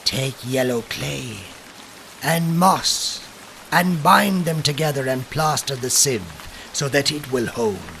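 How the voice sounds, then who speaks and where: A man voicing a solemn spirit of a well, giving commands in a low, slow voice. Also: expressive, gravelly, sharp tone, a little hiss or hum, heavily acted.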